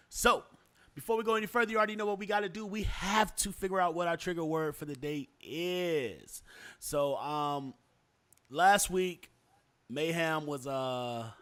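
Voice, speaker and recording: A man's voice: on the high side, normal speed, fairly bright tone, clear, resonant tone. A young man hosting a casual podcast chat, talking loosely with lots of fillers and restarts. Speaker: podcast host.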